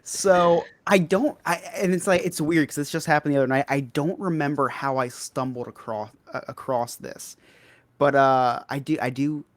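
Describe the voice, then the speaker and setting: A man's voice: a little high, steady tone, moderate pace, dry recording. Hesitant man chatting on a podcast. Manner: hesitant, many restarts. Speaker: podcast co-host. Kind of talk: casual chat.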